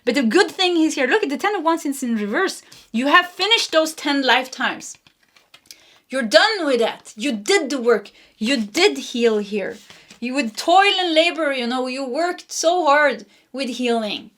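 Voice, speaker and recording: A woman's voice: high-pitched, expressive, a little slow. Chatty woman doing a tarot reading. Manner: warm, chatty, laughs often, many fillers. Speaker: tarot reader. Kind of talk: casual spoken tarot reading.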